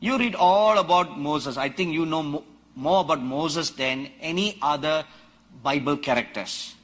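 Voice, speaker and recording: A man preaching a sermon to a conference crowd, quoting scripture dramatically and rising to emphatic shouts. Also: fairly high pitch, a little slow. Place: large conference hall.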